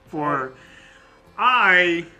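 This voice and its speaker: A man's voice: high voice, animated, very slow, music in the background, poor audio. A man co-hosting a podcast, chatting casually about a tabletop game, joking and laughing often. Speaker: podcast co-host.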